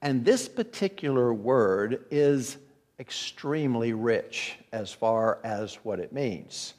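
A man preaching an evening sermon to his church in a relaxed, conversational way, often restarting his words. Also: mid-range voice, slow, in a large hall. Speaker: pastor.

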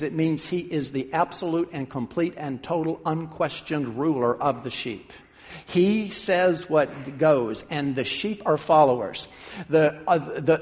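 A man's voice: on the high side, big-room sound. A man preaching a sermon as a pastor, talking conversationally and lifting his voice for emphasis.

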